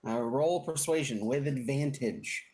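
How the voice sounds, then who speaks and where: A man's voice: mid-range voice, a little slow, darkish tone. A man running a tabletop game as game master, describing the scene with playful, rambling detail.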